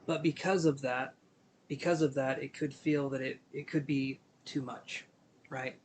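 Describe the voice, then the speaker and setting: A man giving a live tarot reading, talking gently and meanderingly with many fillers, sleepy and yawning. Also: mid-range voice, fairly even intonation, measured pace, slight background noise. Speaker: tarot reader.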